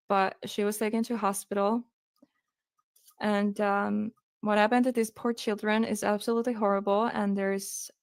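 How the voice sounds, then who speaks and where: A woman's voice: medium pitch, no room sound, clean studio sound. A woman hosting a true crime live stream, telling the case hesitantly and apologizing while holding back tears.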